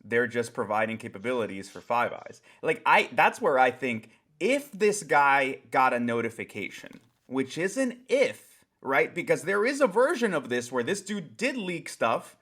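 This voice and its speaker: A man's voice: medium pitch, sing-song, moderate pace, fairly bright tone. A man co-hosting a podcast, talking animatedly and thinking aloud, with casual swearing. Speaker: podcast co-host. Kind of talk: casual chat.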